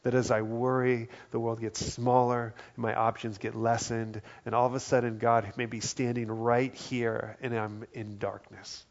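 A man preaching a sermon as pastor, earnest, dropping to a hushed voice for quoted lines. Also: medium pitch, level tone, moderate pace, vocal fry, few pauses, dull audio. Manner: earnest, drops to soft quiet tones for quoted words.

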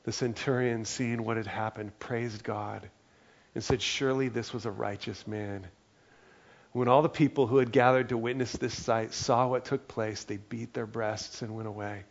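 Gravelly-voiced man preaching a sermon. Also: mid-range voice, steady tone, normal speed, muffled recording. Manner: earnest and conversational, with many fillers like "like" and "right?". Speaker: pastor.

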